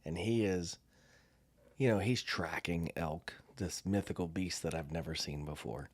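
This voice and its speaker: Deep-voiced man telling a lively story. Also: a little slow, no room sound. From United States. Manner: animated storyteller, acts out quotes. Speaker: podcast co-host. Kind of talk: casual storytelling chat.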